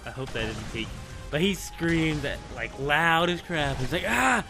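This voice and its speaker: A young man casually telling a school story on his vlog, rambling and excitable, with lots of filler words. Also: a little high, a little slow, music in the background. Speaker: gaming channel host.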